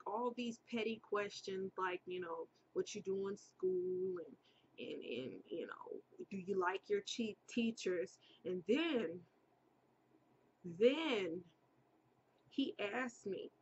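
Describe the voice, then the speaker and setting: A young woman telling a personal story in a casual, animated way, jumping up high when she quotes people. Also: takes it slowly, muffled recording, slight background noise. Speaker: vlogger.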